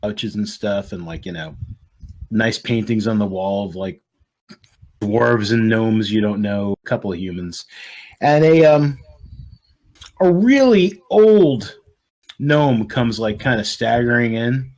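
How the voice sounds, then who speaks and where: A man's voice: lowish voice, animated, slow pace, long pauses, a little mellow. Casual man narrating as game master. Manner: casual, filler-heavy. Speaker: dungeon master.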